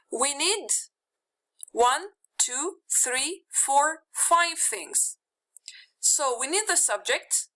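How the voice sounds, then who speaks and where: A woman teaching a grammar lesson with a high, bright voice. She takes her time, laying out each rule step by step. She says example words slowly and repeats them so students can follow. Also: low-quality recording. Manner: walks through rules step by step. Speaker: English teacher.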